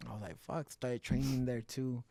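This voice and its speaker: A man's voice: medium pitch, moderate pace, no echo. Profane man telling fight stories. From South Central Los Angeles. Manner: profane, animated, mixes Spanish words. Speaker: fighter guest. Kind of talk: casual podcast storytelling.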